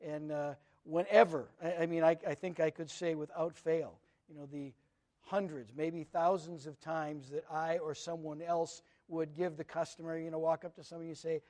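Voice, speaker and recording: A man's voice: a little high, level tone, moderate pace, a little mellow. A middle-aged man, a pastor, giving an earnest, conversational sermon that mixes personal stories with teaching.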